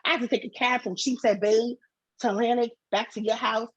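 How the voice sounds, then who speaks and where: A middle-aged woman, co-hosting a podcast and telling a long story in a casual, slangy, animated way. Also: a little high, a little fast, husky, no echo. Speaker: podcast co-host. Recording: dull, slightly lo-fi sound.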